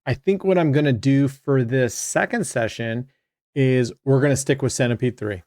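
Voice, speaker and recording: With a mid-range, slightly mellow voice at a moderate pace, a man comments casually on his roulette game for his channel's viewers, often trailing off. The studio-quality recording has no room sound.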